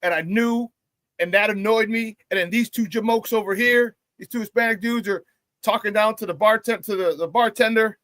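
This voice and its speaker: Guy ranting on a sports morning show, kinda high voice, dry close mic. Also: no room sound. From Chicago area. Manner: animated storytelling, quick voice changes for quoted people. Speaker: sports talk show host. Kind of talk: casual rant on a live show.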